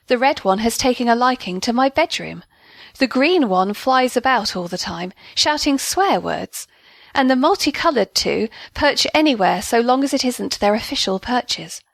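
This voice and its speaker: A woman reading a first-person comic diary story aloud, with an indignant, storytelling manner. Her voice sits fairly high. The sound is close and dry, with no room around it. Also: no room sound. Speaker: story narrator. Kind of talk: scripted first-person narration of audio fiction.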